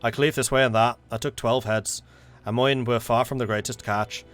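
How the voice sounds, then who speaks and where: A man's voice: mid-range voice, fairly even intonation, normal speed, fairly bright tone, close to an everyday voice. A man voicing a boastful old male warrior who tells battle tales in a put-on Irish accent that he does poorly. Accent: put-on Irish accent, poorly done. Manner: storytelling, proud and rousing.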